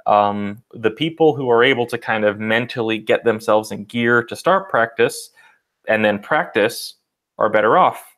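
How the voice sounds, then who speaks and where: A man talks in a relaxed, chatty way, laughing easily and filling his sentences with "um" and "you know." His pitch sits in the middle of the usual range for a man. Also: moderate pace. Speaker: podcast co-host. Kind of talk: casual podcast chat.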